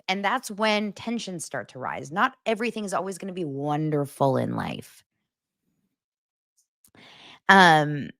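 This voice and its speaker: A woman's voice: medium pitch, a bit bright, no echo, studio quality. A woman hosting a casual celebrity gossip chat, talking in a playful, rambling way that keeps interrupting itself. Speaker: host.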